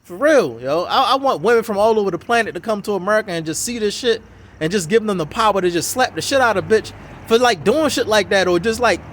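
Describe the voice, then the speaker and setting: A man's voice: sits high, lively intonation, fast, fairly bright tone, slight background noise. A man giving a heated, swearing, mocking reaction commentary on a video. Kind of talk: profane ranting reaction commentary.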